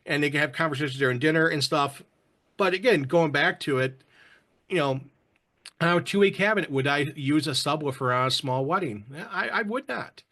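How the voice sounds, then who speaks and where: A man's voice: a little high, a little fast, sharp tone. A man hosting a casual online roundtable, chatting and greeting viewers from the chat. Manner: chatty, reads viewer comments aloud. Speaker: show host.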